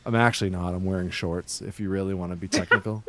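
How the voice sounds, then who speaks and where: A man from Massachusetts livestreams casually, talking fast in a low, steady voice. He puts on an exaggerated Boston-New York accent and jokes with viewers, playfully ribbing them.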